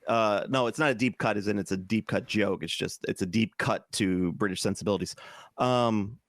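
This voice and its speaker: A man's voice: lowish voice, normal speed, no room sound, clean studio sound. A man in his forties co-hosting a podcast, rambling through casual chat with jokes and frequent laughs. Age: 40s. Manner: rambling, jokey, laughs often. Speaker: podcast co-host.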